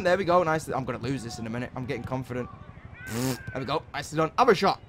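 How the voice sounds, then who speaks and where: Excitable man commentating his gameplay. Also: medium pitch, quick pace, slight background noise. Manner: excitable, shouts encouragement and swears at players. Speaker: gaming channel host.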